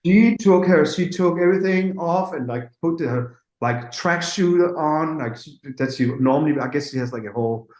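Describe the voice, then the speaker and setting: A man, a music producer, telling an animated anecdote in an interview and acting out the dialogue with quick asides. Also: a little high, reverberant, poor audio.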